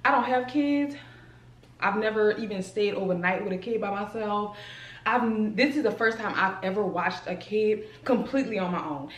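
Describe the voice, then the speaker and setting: This home vlog features a young woman with a mid-range voice at a moderate pace, her sound bouncing around an echoey room. She's lively and casual, speaking in a New Orleans–area Southern US accent and addressing viewers as "y'all" and "child."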